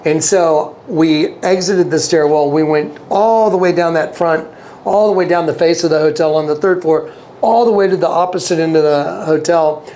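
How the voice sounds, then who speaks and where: With a warm tone, a pitch on the high side, and normal speed, this man is an interview guest telling a personal story. It's casual storytelling: he's earnest, repeats himself often, and acts out quoted dialogue. Slight background noise is present.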